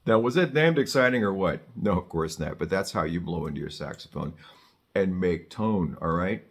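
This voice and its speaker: Man, older, very low voice, sax teacher, chatty, wry asides. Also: expressive, normal speed. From Southern California. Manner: chatty, joking asides, frequent restarts. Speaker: saxophone teacher. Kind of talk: casual on-camera music lesson.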